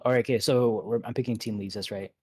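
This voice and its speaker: A man leading an online game raid, giving relaxed instructions with many fillers and restarts. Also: mid-range voice, quick pace, husky. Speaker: raid leader. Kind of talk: casual instructions over voice chat.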